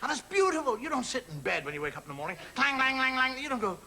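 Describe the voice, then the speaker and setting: A man's voice: high-pitched, big pitch swings, very fast, vocal fry. A male stand-up comedian in a television studio, telling a confiding monologue to a live audience and acting out little scenes. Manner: conversational, confiding asides to the audience; acts out little scenes with mimed sounds. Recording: noisy old television recording with audience laughter.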